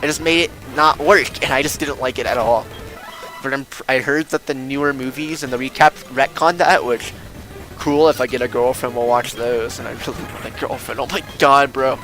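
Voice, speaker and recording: Brief: young male streamer, bright tone, meandering self-deprecating chatter that turns ranty, light game music under. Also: medium pitch, fairly even intonation, a little fast, poor audio. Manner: rambling, self-deprecating, gets worked up and loud when ranting. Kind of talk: casual gameplay stream chatter.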